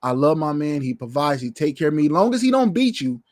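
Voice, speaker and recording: High-voiced preaching pastor, man. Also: big pitch swings, a little fast, a little mellow, no room sound, studio quality. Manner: conversational preaching, repeats phrases. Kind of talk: sermon.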